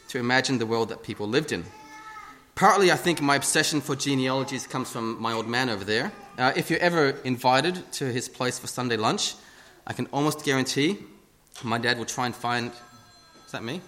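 A man's voice: medium pitch, fairly quick, fairly bright tone. A man giving a casual, self-deprecating sermon into a lectern microphone in a church. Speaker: lay preacher. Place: church hall.

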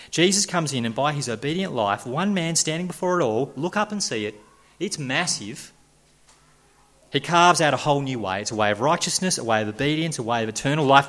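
A man preaching a sermon, building to loud emphatic peaks and dropping back soft. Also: mid-range voice.

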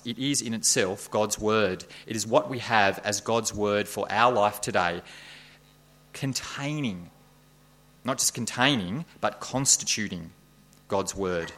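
Bright-voiced preacher, emphatic delivery. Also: male voice. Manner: expressive, emphatic preaching with big pitch swings. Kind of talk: sermon.

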